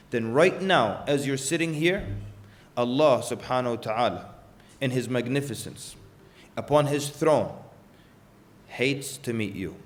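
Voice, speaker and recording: A man giving a religious lecture in an earnest, storytelling manner, asking the audience rhetorical questions. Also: medium pitch.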